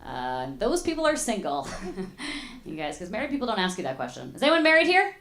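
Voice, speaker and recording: A woman's voice: mid-range voice, wildly swooping pitch, a little fast, fairly bright tone, slight background noise. A young woman doing a stand-up comedy set in a club, chatty and playful with the audience. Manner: chatty, playful crowd work. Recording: roomy club sound with audience laughter. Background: audience laughing.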